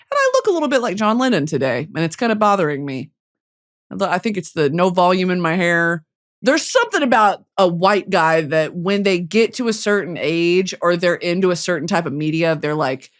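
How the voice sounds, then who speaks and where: A young woman hosts a podcast as a casual comedic monologue, profane and animated. She jumps between loud outbursts and low mutters.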